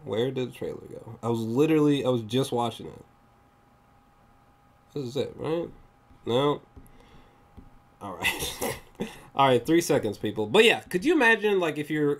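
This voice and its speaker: A man giving a casual, rambling movie review, swearing often and acting out scenes in raised voices. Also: mid-range voice. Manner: rambling, swears often, searches for pictures mid-talk.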